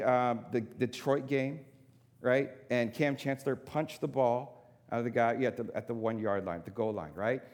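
Male preacher, mid-pitched, emphatic and conversational, reverberant church hall. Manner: emphatic repetition, conversational asides to congregation. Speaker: pastor. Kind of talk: sermon.

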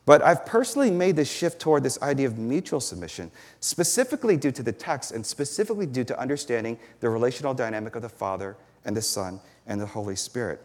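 A man's voice: mid-range voice, very animated, quick pace, hardly any pauses. A man giving an earnest sermon as a pastor, explaining a passage point by point and pressing hard on the words that matter. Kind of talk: sermon teaching. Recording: long hall reverb.

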